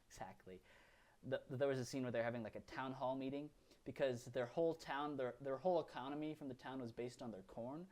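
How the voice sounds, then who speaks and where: A man's voice: medium pitch, fairly quick, darkish tone. A man co-hosting a podcast, recapping films in casual, rambling chat full of fillers and restarts. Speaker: podcast co-host.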